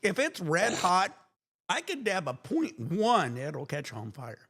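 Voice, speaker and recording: Animated man hosting a casual livestream. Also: sits high, slow pace. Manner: animated, talks over others, insistent. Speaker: livestream host. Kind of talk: casual stoner chat.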